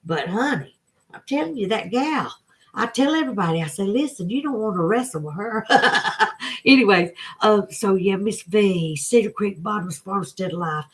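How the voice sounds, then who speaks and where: A woman with a Southern American accent, in her forties or older, hosting a casual livestream and talking to viewers by name in a folksy, emotional way. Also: mid-range voice. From Southern United States. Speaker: livestream host. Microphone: phone.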